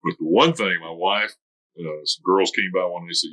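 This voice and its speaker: Older man, retired military, very low and bright voice, rambling anecdotes. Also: moderate pace, dull audio. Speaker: interviewee, retired military veteran. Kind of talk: oral history interview.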